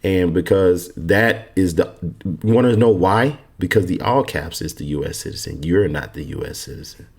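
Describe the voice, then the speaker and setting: A man's voice: low-pitched, animated, normal speed, a little mellow, slightly rough. A man from Texas casually walking viewers through a form, confident and emphatic, often repeating himself. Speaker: online course mentor. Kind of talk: casual screen walkthrough lesson.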